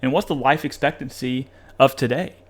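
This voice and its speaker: A man hosting a podcast, reading passages aloud and commenting in an animated, sarcastic way with occasional laughs. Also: medium pitch, moderate pace. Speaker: podcast host reviewing a study article.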